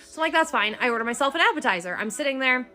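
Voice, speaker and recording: A woman telling a dating story in casual storytime style, animated and indignant. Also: high voice, rapid-fire.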